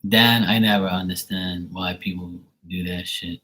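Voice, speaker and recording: A man with a very low, husky voice talks on his livestream in a loose, rambling way. He is blunt and swears freely as he tells a story and reads out chat. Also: fairly even intonation, moderate pace, pushed and bright, poor audio. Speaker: livestream host.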